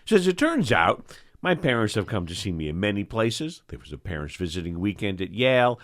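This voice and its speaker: Animated older man telling stories. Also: on the low side, a little fast. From New York. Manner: animated storyteller, acts out voices. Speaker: host, eye doctor. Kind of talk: storytelling chat.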